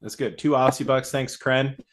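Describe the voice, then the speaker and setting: A man's voice: medium pitch, a little hiss or hum. Laid-back man joking on a podcast. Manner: relaxed and joking, quick bursts of laughter. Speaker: co-host of a tech podcast. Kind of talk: casual chat.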